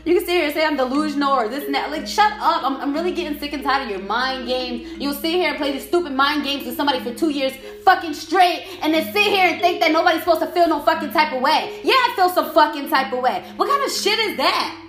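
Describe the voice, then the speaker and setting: A woman's voice: high voice, fast, few pauses, fairly bright tone. A woman ranting angrily in a heated, profane monologue, repeating herself as she vents. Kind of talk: angry venting monologue. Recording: echoey room.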